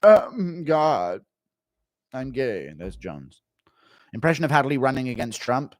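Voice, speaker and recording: A man on a casual live stream, jokey and offhand as he reads donations aloud. His pitch sits mid-range but jumps around a lot. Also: big pitch swings, slow, no echo, clean studio sound.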